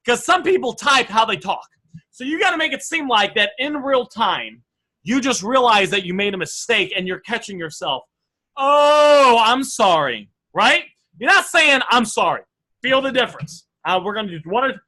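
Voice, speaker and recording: A man coaching a training group through a live online session, energetic and reading out sample messages. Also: very high voice, moderate pace, rough recording.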